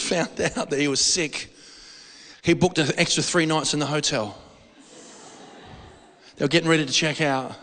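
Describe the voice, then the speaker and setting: A man preaching a sermon, animated and emphatic, repeating words for stress. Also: on the high side. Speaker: pastor. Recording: hall reverb.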